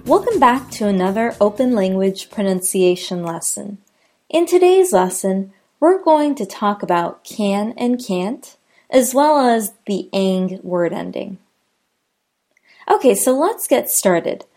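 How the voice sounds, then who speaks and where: Slow, careful American woman teacher. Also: medium pitch, expressive, mellow, faint music behind. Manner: slow, careful enunciation of example sentences. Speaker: pronunciation teacher. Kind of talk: scripted pronunciation lesson.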